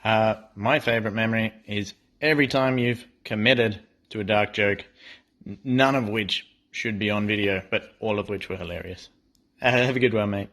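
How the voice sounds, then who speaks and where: A man's voice: on the low side, normal speed, fairly bright tone. A man with an Australian accent giving a short, laid-back, dry birthday greeting to a mate. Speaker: friend giving a birthday message. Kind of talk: casual video message.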